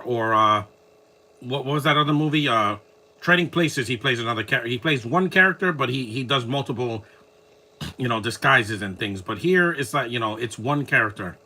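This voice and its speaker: A man's voice: mid-range voice, bright, forceful tone. A man giving casual, opinionated commentary while watching a film, rambling and restarting his sentences.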